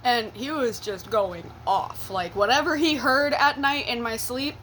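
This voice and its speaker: A woman's voice: fairly high pitch, a little slow, fairly bright tone, a little hiss or hum. Blunt, foul-mouthed young woman storyteller. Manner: blunt and profane, with laughing asides. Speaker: vlogger telling a personal story. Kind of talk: casual storytime.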